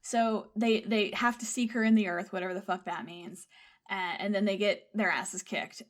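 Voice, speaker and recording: A woman's voice: medium pitch, steady tone, normal speed. Casual, profane woman retelling a film. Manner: profane, chatty, digressive storytelling. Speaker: podcast co-host.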